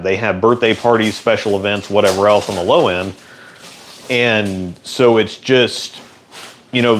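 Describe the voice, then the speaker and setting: A man hosting a relaxed, rambling chat in a workshop, answering viewer questions. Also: on the low side, slight background noise. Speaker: host. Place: indoor workshop.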